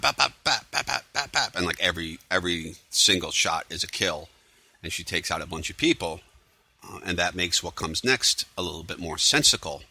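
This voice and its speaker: Man, low pitch, bright forceful tone, casual rambling, sarcastic. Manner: rambling, sarcastic, many fillers. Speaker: TV recap vlogger. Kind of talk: casual spoiler recap.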